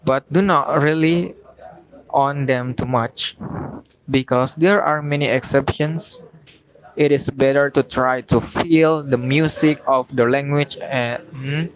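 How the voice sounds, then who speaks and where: A young man with an Indonesian accent, a student giving a recorded class presentation and reading slowly and carefully with pauses between phrases. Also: mid-range voice, rough recording. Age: young adult.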